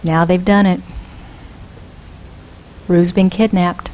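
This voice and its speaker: A woman minister giving a storytelling sermon, lively and asking the congregation questions. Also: lowish voice, slow. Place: church.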